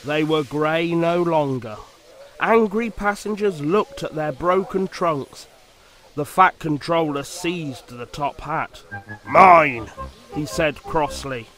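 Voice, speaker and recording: A man reads a children's storybook aloud, slow and expressive, lingering over each phrase. His voice sits a bit high for a man, and music plays under the reading. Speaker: narrator. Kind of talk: storybook narration.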